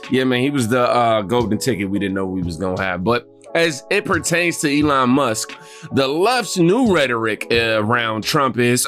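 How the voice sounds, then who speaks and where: A man hosting a news reaction video, sarcastic and animated, laughing often as he comments on clips. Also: mid-range voice, normal speed, faint music behind.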